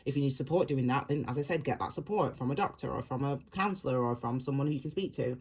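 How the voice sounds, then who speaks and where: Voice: mid-range voice, fast talker, slightly rough. A tarot reader talks straight to the viewer in a loose, rambling way, circling back and repeating the same phrases. The voice sits in a middle register and the reading stays casual and reassuring throughout. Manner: reassuring, direct address to viewer.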